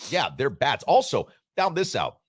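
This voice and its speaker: A man's voice: medium pitch, huge pitch swings, moderate pace, slightly rough, no room sound, clean studio sound. A man hosting a sports radio show in casual, joking chat, rambling and reading listener messages.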